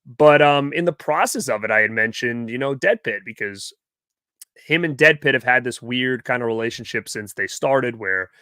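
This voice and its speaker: Man, live stream host, rambling casual storytelling, bright tone, dry close sound. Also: medium pitch, normal speed, clean tone, dry recording. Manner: rambling, chatty, quotes people in his stories. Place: home movie room.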